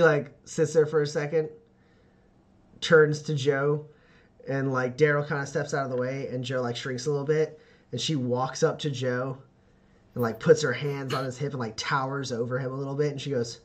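A man's voice: mid-range voice, fairly even intonation, normal speed. A man narrating a tabletop game as game master, loose and full of fillers. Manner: loose, laughing, filler-heavy.

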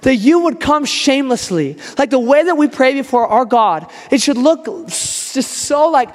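A man's voice: very high voice, expressive, normal speed, hardly any pauses. A man preaching a sermon in a casual, conversational way, acting out quoted lines as he goes. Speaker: pastor. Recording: long hall reverb.

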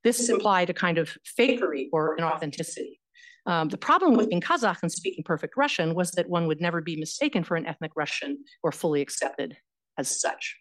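A woman history professor giving an academic lecture, speaking in a measured way with frequent fillers and self-corrections. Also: on the low side, lively intonation, fairly bright tone, poor audio.

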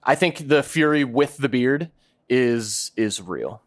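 A man's voice: mid-range voice, lively intonation, takes it slowly. A man co-hosting a podcast, laid-back and hesitant, trailing off and restarting his thoughts. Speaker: podcast co-host. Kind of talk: casual chat.

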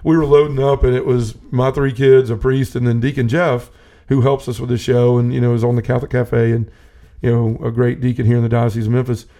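A man's voice: medium pitch, flat delivery, brisk, few pauses, mellow. A man telling a personal faith story in casual conversation, earnest and rambling with many restarts. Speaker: podcast host. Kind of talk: personal testimony in casual talk.

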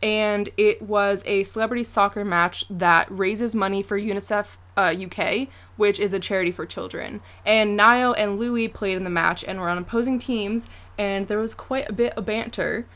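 A woman's voice: mid-range voice, steady tone, moderate pace, hardly any pauses, fairly bright tone. A young woman co-hosting a podcast, chatting casually with many fillers and frequent laughs. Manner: chatty, giggly, lots of fillers. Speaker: podcast co-host. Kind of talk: casual chat.

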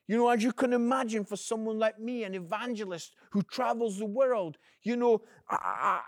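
A man's voice: sits high, no echo, clean studio sound. A man, an evangelist, giving an earnest inspirational video message and calling the listener "friend". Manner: energetic, swings between loud emphasis and quiet.

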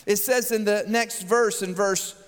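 A man preaches with a high voice, acting out scenes with playful humor. His words ring out with a long hall reverb. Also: unhurried. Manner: animated, joking, acts out voices. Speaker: pastor. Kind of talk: sermon.

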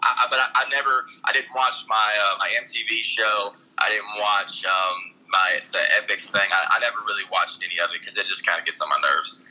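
Bright-voiced Southern comedian rambling. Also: male voice, on the low side, a little fast, few pauses, low-quality recording. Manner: rambling, profane, animated storytelling. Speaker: comedian guest. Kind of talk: casual podcast chat.

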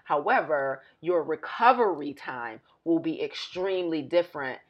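A woman's voice: low voice, expressive, moderate pace, breathy edge, muffled recording. A woman co-hosting a podcast in casual chat, telling stories and laughing often. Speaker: podcast co-host.

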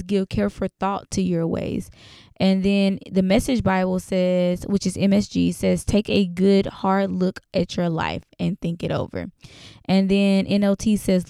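A woman's voice: mid-range voice, vocal fry, dark tone, clear, resonant tone, dry recording, clean studio sound. A woman teaching a Bible study in a casual, conversational way, reading verses aloud with frequent fillers. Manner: conversational, many fillers, reads scripture aloud.

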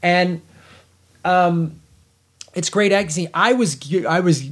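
A middle-aged man co-hosting a podcast, reviewing a film in casual chat, blunt and animated, swearing freely and often restarting his sentences. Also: high-pitched, slow pace.

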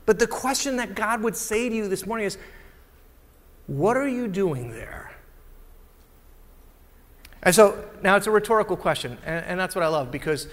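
A man preaching a sermon as a pastor, swinging dramatically between loud and hushed delivery. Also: high-pitched, quick pace, hardly any pauses. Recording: long hall reverb.

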